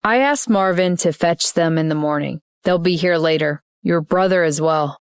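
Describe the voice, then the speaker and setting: A woman reading the lines of a protective, dry-humored wealthy young husband in a plain, flat delivery. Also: fairly low pitch, moderate pace, smooth, dry recording, natural voice.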